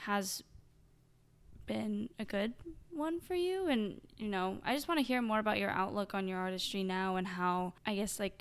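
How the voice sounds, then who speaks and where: A woman's voice: mid-range voice, clear, resonant tone. A young woman hosting a casual interview, chatty and relatable, sharing her own experiences with lots of fillers. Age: young adult. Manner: chatty, relatable, heavy use of "like" and "you know". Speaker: podcast host.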